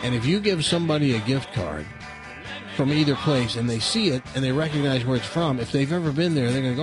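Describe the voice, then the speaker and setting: A man's voice: mid-range voice, fast talker, over music. A man hosting a radio show, chatty and easygoing, reading an ad off the cuff and stumbling over words. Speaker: radio host. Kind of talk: casual radio chat and live ad read. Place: radio studio.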